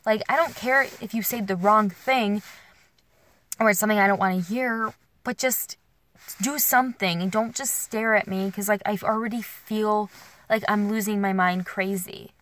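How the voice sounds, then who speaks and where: In a car, a young woman vlogs while driving, casually venting and rambling through emotional restarts and filler words, sounding worn out and alone. Her mid-range voice is steady and fairly bright, at a moderate pace.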